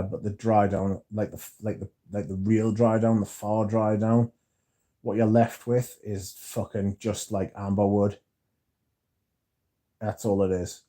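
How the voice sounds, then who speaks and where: Dark-voiced man chatting casually. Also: lowish voice. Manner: swears often, reads viewer comments aloud. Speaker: livestream host reading chat. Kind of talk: casual livestream chat about perfume.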